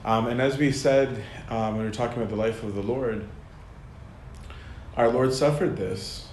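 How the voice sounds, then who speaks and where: A man with a medium-pitched, darkish voice gives a casual lecture at a moderate pace. He talks conversationally, using plenty of fillers and often laughing mid-sentence, in an echoey room with faint ambient noise.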